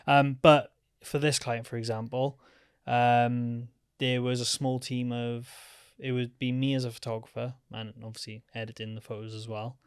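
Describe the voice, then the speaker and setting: Young guy rambling on a podcast, lots of ums, smooth clear voice. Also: mid-range voice, little pitch movement, normal speed, hardly any pauses, no room sound, studio quality. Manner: chatty, rambling with fillers. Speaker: podcast guest, freelance photographer. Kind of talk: casual chat.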